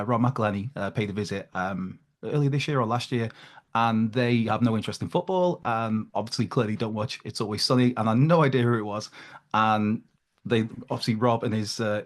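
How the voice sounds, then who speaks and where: A man co-hosting a casual podcast chat, with dry, teasing humor. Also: on the low side. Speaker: podcast co-host.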